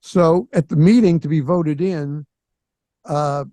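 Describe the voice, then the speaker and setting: Animated older male storyteller, mellow tone. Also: on the high side, slow, dry recording. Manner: animated storyteller who acts out quoted voices. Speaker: podcast host. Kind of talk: casual storytelling.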